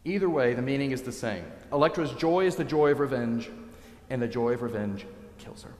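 A male priest preaching a sermon, telling a story in a lively way and acting out the quotes. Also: mid-range voice, brisk. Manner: animated storyteller, dramatizing quotes. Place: church. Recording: echoey church, long reverb.

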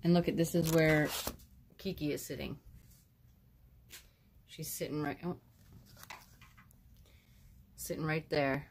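A woman's voice: sits low, steady tone, slow, gravelly, long pauses, slight background noise. A woman streaming live from home on her phone, chatting in a rambling way with viewers and her cats.

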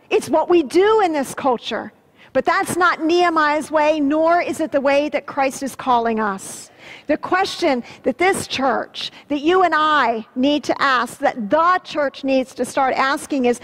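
A woman pastor giving an earnest sermon, swelling with emphasis and dropping low and soft on solemn words. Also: a little slow. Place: church sanctuary. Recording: long church-hall reverb.

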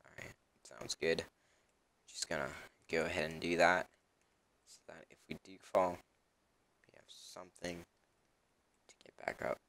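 A man's voice: sits low, steady tone, unhurried, creaky, pauses often, a bit bright. A young man casually commenting on his own gameplay as a channel host, rambling with lots of ums and uhs.

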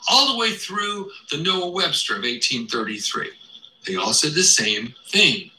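Man narrating, very bright tone, lively pitch, rhetorical questions, echoey played-back audio. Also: unhurried, a little hiss or hum. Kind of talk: scripted narration of a video.

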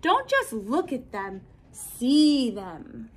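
A woman reading aloud from a storybook, voicing a tall, graceful female art teacher who gives emphatic, lively instructions. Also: high-pitched, slow, slight background noise, full character voice. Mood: passionate.

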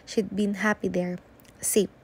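A woman reading a novel aloud in a steady, even narration. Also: medium pitch, a little slow, slightly rough. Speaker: audiobook reader.

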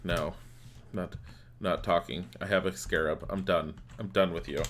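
A man's voice: sits low, steady tone, a little slow, fairly bright tone, slight background noise. A man streaming a live game playthrough, reading the game's text aloud between the commands he types.

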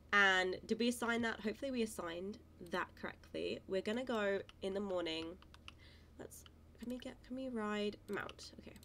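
A woman giving casual let's-play commentary, excitable and gushing, cooing over cute animals. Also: medium pitch, slight background noise. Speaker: gaming channel host.

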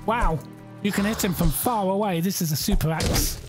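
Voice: mid-range voice, moderate pace, music in the background. A game streamer gives bemused live commentary, thinking aloud and exclaiming at what happens.

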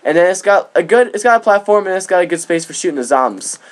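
Excitable man doing game commentary. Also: high-pitched, fast talker. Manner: excitable, jokey boasting; rambling with frequent restarts. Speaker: gaming channel host. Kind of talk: casual gameplay commentary.

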